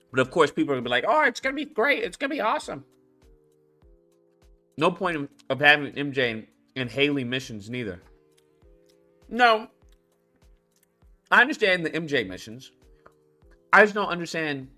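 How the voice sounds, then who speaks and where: A man's voice: medium pitch, sharp tone. A man hosting his own commentary channel, ranting about a video game in a heated, profane way with many restarts.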